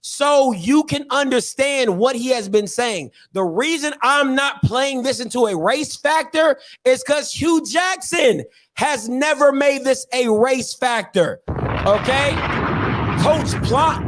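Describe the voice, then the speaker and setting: A man's voice: extremely high pitch, fairly bright tone. A man hosting a sports opinion show, talking emphatically and repeating himself for effect. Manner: emphatic, repetitive, keeps asking "all right?". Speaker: host.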